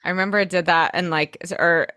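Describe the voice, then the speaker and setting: A young woman chatting through a show recap, her voice low-set and easy. She rambles with plenty of likes and a casual curse here and there. The mic is close and dry. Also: fairly even intonation, fast, bright, forceful tone, no echo. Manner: chatty, swears casually, drops many likes. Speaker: podcast co-host.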